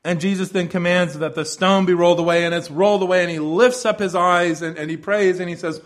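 A pastor preaching a sermon expressively, moving between soft hushed lines and loud proclamations. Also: male voice, high-pitched, steady tone, brisk, few pauses.

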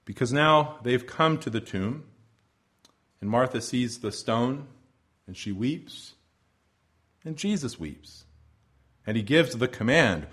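A man preaching a sermon, his voice sitting a little higher than most men's. His delivery is lively and full of movement, dropping to hushed tones and then rising into loud proclamations. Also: a little slow, slightly rough. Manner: expressive preaching, swinging from soft hushed lines to loud proclamations. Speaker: pastor.

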